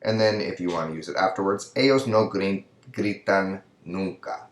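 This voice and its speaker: A Spanish teacher with a very low voice gives a recorded lesson over slides at a moderate pace, explaining step by step and often checking in with the listener. His voice rings out in an echoey room.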